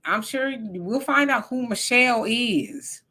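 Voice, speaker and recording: A woman's voice: fairly high pitch, slow, bright, forceful tone. A middle-aged woman, co-hosting a live stream and reading viewer comments in a chatty, teasing way. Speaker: livestream co-host. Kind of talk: casual live-chat commentary.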